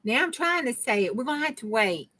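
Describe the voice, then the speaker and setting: Talking fast and very animated, this woman has a fairly high, sharp-toned voice and a Southern country drawl that chops words short as she warms up. She hosts a crafting channel and keeps up casual vlog chatter with viewers while she crafts. The recording quality is low.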